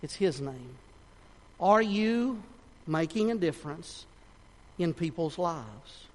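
A man preaching a sermon in a fervent, folksy way, swinging between shouts and hushed tones. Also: a little high, very animated, slow pace, long pauses. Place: church sanctuary. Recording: long reverb of a church hall.

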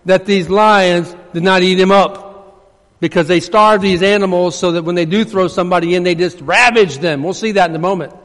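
A man preaching a sermon as pastor, swinging between emphatic preaching and hushed asides. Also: high-pitched, moderate pace. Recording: long reverb of a large hall.

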